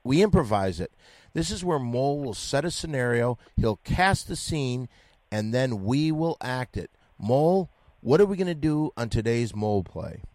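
A man's voice: mid-range voice, very animated, normal speed, a little mellow, dry recording. A man hosting a comedy podcast, talking in a loose, rambling, jokey way. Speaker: podcast host. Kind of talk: casual comedy podcast banter.

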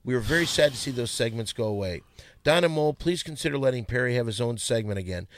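A man's voice: medium pitch, lively intonation, fast talker, no room sound. A brash man hosting a comedy podcast, reading listener letters aloud. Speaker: podcast host.

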